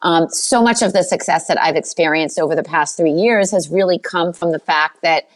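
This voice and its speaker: Brief: confident Boston-accented woman, quick talker, lower voice, podcast guest coach. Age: older. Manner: fast-talking, self-assured. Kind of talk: podcast interview.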